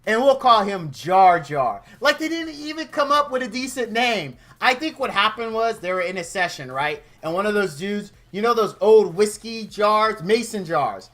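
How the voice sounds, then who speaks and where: A man's voice: high voice, moderate pace, hardly any pauses, bright, forceful tone. A man streaming a comedic rant, exasperated and mocking, who acts out made-up quotes in goofy voices.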